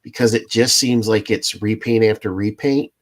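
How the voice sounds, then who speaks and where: A man's voice: on the low side, steady tone, normal speed. A man talking earnestly and sympathetically in a casual podcast chat, with some hesitation.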